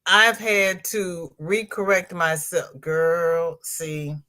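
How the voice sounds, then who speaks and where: A woman's voice: on the low side, little pitch movement, drawn-out words, sharp tone. A woman hosting a casual crochet livestream, chatting in a rambling way and reading viewer comments aloud. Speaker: crochet channel host reading live chat.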